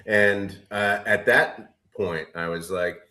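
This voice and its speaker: A man's voice: lowish voice, steady tone, slow pace, bright, forceful tone. A man co-hosting a casual podcast chat, rambling with many fillers and restarts. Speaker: podcast co-host.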